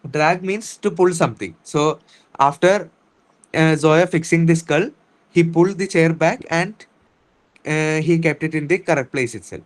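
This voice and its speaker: A man's voice: on the high side, rough recording. A man with an Indian English accent reading a story aloud in an online English lesson and explaining each word patiently, often repeating himself. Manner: explains words slowly and repeats, with restarts. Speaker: English teacher. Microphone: online class.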